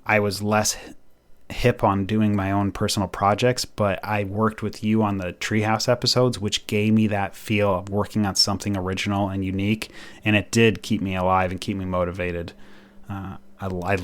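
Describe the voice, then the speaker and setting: A man with a slightly low voice chats casually as a podcast co-host. He is animated, laughs often and restarts his sentences as he goes. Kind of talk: casual chat.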